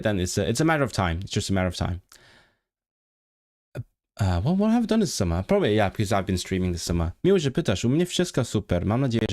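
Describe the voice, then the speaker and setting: A man hosting a casual livestream, reading viewer comments and sounding out foreign words with many restarts and repeated words. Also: medium pitch. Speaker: livestream host.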